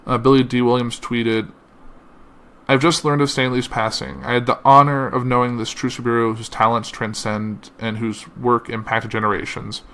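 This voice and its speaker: A man's voice: medium pitch, little pitch movement, fairly bright tone, clean tone. A man hosting a podcast, reading a tribute and quoted messages aloud, with slips and uh fillers. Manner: reads slowly with uh fillers and slips. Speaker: podcast host.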